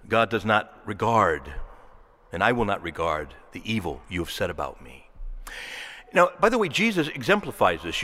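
A man preaching a sermon in a church, lively and dramatic, acting out the voices he quotes and swinging from loud to hushed. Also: lowish voice, big-room sound.

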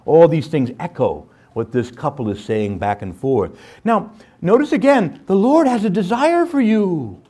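A man teaching scripture in a lively sermon style, often checking in with "right?" and acting out playful voices. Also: a little high, normal speed. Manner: animated, jumps into playful voices, asks "right?".

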